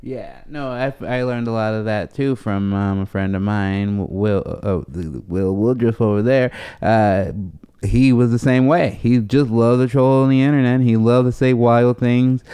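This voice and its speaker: A man hosting a podcast in casual chat, talking in a relaxed, halting way. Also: mid-range voice, clear, resonant tone. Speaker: podcast host, comedian.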